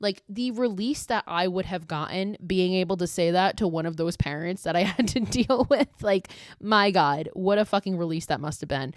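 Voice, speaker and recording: A woman hosting a podcast, recapping a horror movie in casual, animated speech full of profanity and filler words. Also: on the low side, normal speed, hardly any pauses, no room sound, clean studio sound. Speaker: podcast host.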